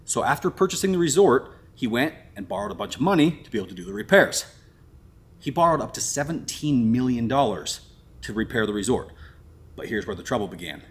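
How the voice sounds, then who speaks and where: A man hosting an exploring vlog, telling a story in an excited, casual way and saying "dude" a lot. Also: medium pitch, slightly rough. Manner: excited, storytelling, says "dude" and "crazy" often. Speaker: vlogger host. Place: abandoned resort building, indoors.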